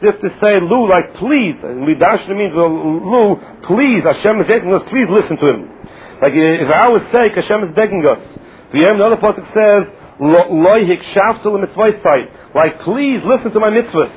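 Man, Torah teacher, high voice, quotes and translates verses, repeats words, tinny phone-like line. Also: lively intonation, moderate pace, a little hiss or hum. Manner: quotes Hebrew verses then translates them, repeats words while thinking. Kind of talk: Talmud class explanation.

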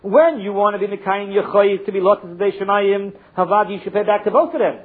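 A man's voice: high-pitched, brisk. A man teaching a Talmud lesson, reading short phrases and translating each one in turn with a chanting cadence. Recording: muffled phone-like recording.

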